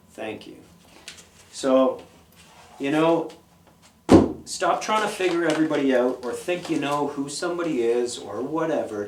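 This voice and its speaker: A middle-aged man, a punk musician being interviewed, talking in a blunt, profane, animated way. He tells stories in a casual monologue. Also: medium pitch. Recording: echoey room, mic at a distance, faint noise.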